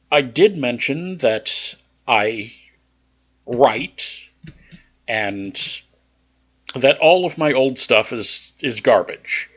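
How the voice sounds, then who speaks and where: A man casually telling a personal story over gameplay, in a relaxed, rambling way. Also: medium pitch, drawn-out words, pauses often. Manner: relaxed, rambling anecdotal delivery. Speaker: gaming channel host.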